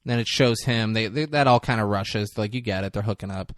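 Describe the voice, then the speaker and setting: A man's voice: fairly low pitch, no echo, studio quality. A man co-hosting a podcast, casually retelling a film scene by scene, laughing often and acting out the characters' lines. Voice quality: laughs often, acts out lines in quick voices. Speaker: podcast co-host recapping a movie. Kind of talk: casual chat.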